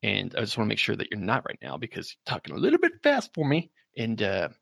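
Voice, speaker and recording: A man hosting and coaching prank calls, speaking with playful loud scolding and deadpan asides. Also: lowish voice, quick pace, gravelly, husky, dry recording, clean studio sound. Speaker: prank call host and coach. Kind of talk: prank phone call.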